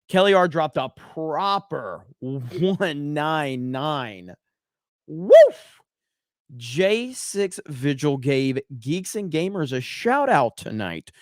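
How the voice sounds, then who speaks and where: A man hosting a casual livestream show, excitedly greeting and hyping up his viewers. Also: fairly high pitch, no echo, studio quality. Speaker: podcast host.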